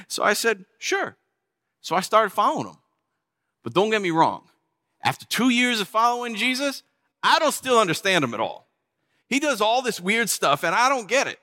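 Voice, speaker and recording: A man's voice: high voice, sing-song, moderate pace, long pauses, sharp tone. A man giving a dramatic first-person sermon, telling the story as a disciple in a playful, chatty way. He is heard in a large hall. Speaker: preacher. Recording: long hall reverb.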